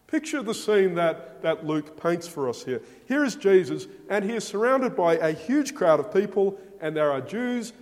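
Man, preacher, sermon, slow deliberate delivery, slightly high voice, long hall reverb. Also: a little mellow. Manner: slow, emphatic, rhetorical questions.

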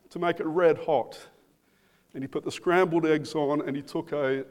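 Slow, emphatic male preacher. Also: medium pitch, darkish tone. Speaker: pastor. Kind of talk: sermon.

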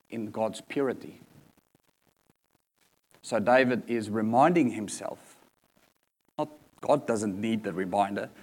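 A man preaching a sermon in an earnest manner, repeating key points for emphasis. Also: medium pitch.

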